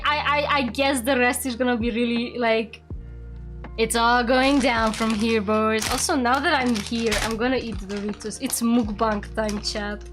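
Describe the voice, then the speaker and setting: Woman VTuber, high voice, excitable casual stream chat, squeals and mutters, home mic.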